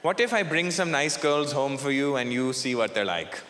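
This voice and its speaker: A man's voice: medium pitch, expressive, moderate pace, echoey room, background noise, pitched below the performer's own voice, close to an everyday voice. A man voicing a doting middle-aged Indian mother who coaxes her son to marry, in a heavy put-on Indian accent. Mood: coaxing.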